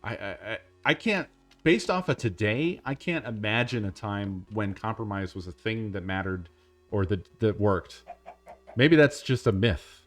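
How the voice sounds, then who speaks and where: A man's voice: on the low side, animated, measured pace, faint music behind. A man streaming a game, chatting casually, laughing often, swearing and rambling. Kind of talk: casual gameplay stream chat.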